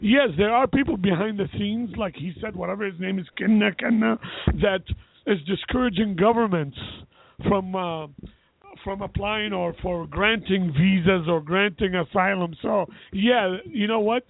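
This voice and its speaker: A man with a high, gravelly voice argues his point insistently on call-in radio. He comes through dry and tinny, like a phone call. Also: normal speed, dry recording. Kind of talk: heated call-in radio discussion.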